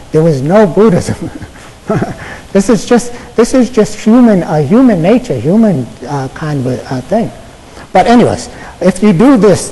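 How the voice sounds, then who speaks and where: An American man, a Buddhist monk, giving a casual Zen dharma talk to an audience, halting and full of fillers, often checking in with "okay?". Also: high voice, mellow, breathy edge. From United States. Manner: halting, conversational, many fillers and repeated "okay?". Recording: echoey lecture hall.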